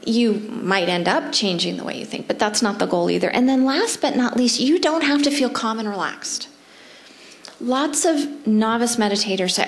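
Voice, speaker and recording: Lively woman leading a mindfulness seminar. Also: a little high. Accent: Canadian English. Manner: lively, animated, acts out her inner voice; slows to soft, near-whispered guidance during breathing practice. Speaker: psychology professor leading a seminar. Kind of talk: seminar talk with guided breathing.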